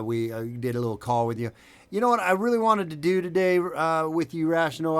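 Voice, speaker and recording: A man's voice: medium pitch, clean tone. A man hosting a casual commentary show, rambling sarcastically with frequent restarts and stumbles. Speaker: podcast host.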